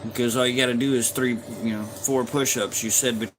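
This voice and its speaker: A man's voice: medium pitch, steady tone, a little fast, background noise. A man in his fifties hosting a livestream, chatting casually with his viewers in a laid-back, folksy way with frequent chuckles. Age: 50s. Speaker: livestream host.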